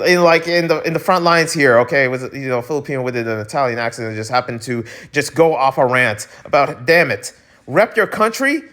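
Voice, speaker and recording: A Filipino-American man from the US delivers casual ranting commentary on his breakdancing news vlog, animated and full of exclamations and restarted sentences. His voice is fairly high and fairly bright.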